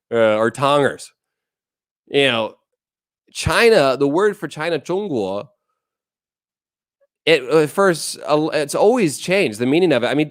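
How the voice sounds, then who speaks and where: A man's voice: fairly high pitch, no room sound, clean studio sound. A man hosting a casual livestream, chatting bluntly and profanely, reading viewer comments aloud and rambling between topics. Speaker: livestream host.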